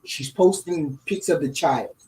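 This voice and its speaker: A middle-aged woman co-hosting a podcast, retelling a family story in a casual, animated way and often asking "right?". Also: sits low, measured pace, distant mic, low-quality recording. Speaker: podcast co-host.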